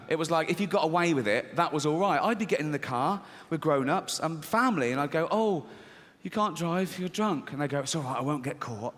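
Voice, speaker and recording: A man performing a profane stand-up comedy set, acting out characters as he tells his jokes. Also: a little high. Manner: animated, profane, acts out characters. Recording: reverberant hall with faint ambience.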